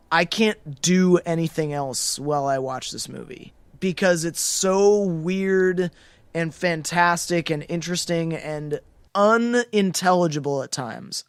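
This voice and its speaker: A man co-hosting a podcast who speaks in a fairly high, smooth and resonant voice. He rambles and restarts often as he hunts for the right words. The sound is dry and close to the mic. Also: no room sound. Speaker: podcast co-host. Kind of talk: casual film discussion.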